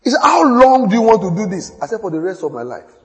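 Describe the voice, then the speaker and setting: A man preaching a sermon, telling stories with quoted dialogue and building to shouts. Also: high-pitched, very animated, fast. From Nigeria. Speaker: pastor. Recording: long hall reverb.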